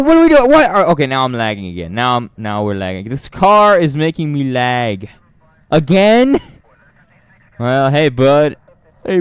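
A man narrates his gameplay in a loose, rambling way, cracking jokes and talking straight to the characters on screen. His voice is smooth and resonant and swings widely in pitch. The sound is dry and close. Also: no room sound. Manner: joking, rambling, talks to game characters, swears. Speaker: gaming video host. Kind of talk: let's-play commentary.

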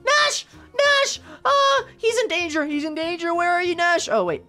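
Shrieky, excitable young woman gamer. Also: very high-pitched, moderate pace, faint music behind. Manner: excitable, shrieks and gasps often. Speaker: gaming YouTuber. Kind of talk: let's-play commentary.

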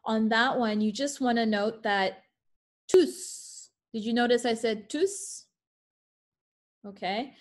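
A woman's voice: fairly high pitch, unhurried. A woman teaching French pronunciation in an online class over a video call. She reads French examples carefully and adds playful asides.

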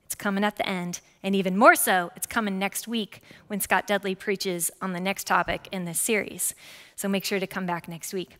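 A woman in her forties preaching a sermon as pastor, lively and conversational, with frequent asides to the congregation. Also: mid-range voice, normal speed. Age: 40s. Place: church sanctuary. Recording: church hall with long reverb.

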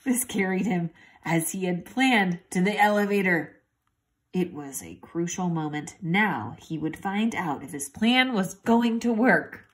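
A woman's voice: on the low side, expressive, measured pace. A woman reading a children's chapter book aloud expressively, adding voiced sound effects. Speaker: reader. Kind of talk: storybook read-aloud.

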